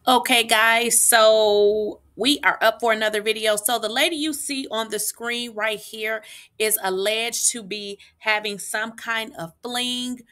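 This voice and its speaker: A young adult woman giving casual celebrity gossip commentary, chatty and addressing her viewers directly with frequent pauses and "um"s. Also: fairly high pitch, steady tone, sharp tone. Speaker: gossip news vlogger.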